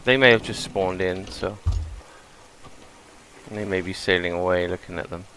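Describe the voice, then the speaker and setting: A man's voice: deep voice, fairly even intonation, normal speed, bright, forceful tone, poor audio. A British man giving chatty gameplay commentary, explaining game mechanics as he plays. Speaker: gameplay streamer.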